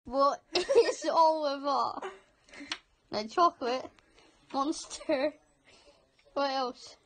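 A woman's voice: sits high, extremely slow, noisy background. A Scottish woman chatting casually in a home vlog, giggling often and bluntly teasing her dogs. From Scotland. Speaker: vlogger.

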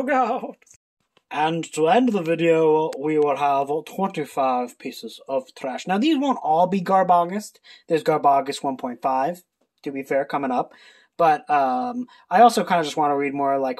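A booktuber running through a book list in a casual, sarcastic, irreverent ramble with mild swearing. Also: medium pitch. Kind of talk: casual book haul video.

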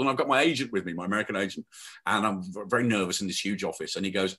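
Guest, animated self-deprecating storyteller, bright voice, video call. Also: male voice, lowish voice, racing, husky. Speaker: crime writer, guest. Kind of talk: casual chat, telling anecdotes.

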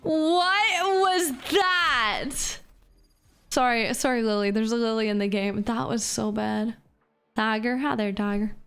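A woman streaming a shooter game, chatting casually with her viewers, reading chat aloud and swearing between plays while feeling a bit unwell and low on energy. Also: flat delivery, moderate pace, gravelly, clear, resonant tone, faint music behind. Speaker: VTuber streamer.

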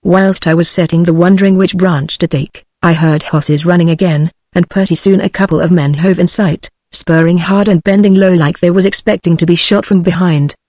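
A text-to-speech woman's voice with a British accent, reading a western story aloud, the dialogue in the same even voice. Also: fairly low pitch, moderate pace, few pauses, no echo. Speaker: narrator.

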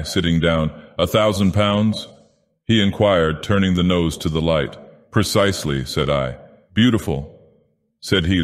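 An ancient, godlike villain, put on by a man, reads a storybook tale in a slow, grand, theatrical way. His voice sits very low and rumbles, and every word trails into a long cavernous reverb. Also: natural voice. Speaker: narrator. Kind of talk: dramatic storybook narration.

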